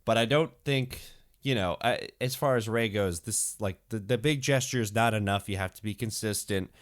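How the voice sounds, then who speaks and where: A man's voice: fairly low pitch, moderate pace. A young man co-hosting a casual podcast, talking through his thoughts in a rambling, hesitant way with many fillers. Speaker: podcast co-host.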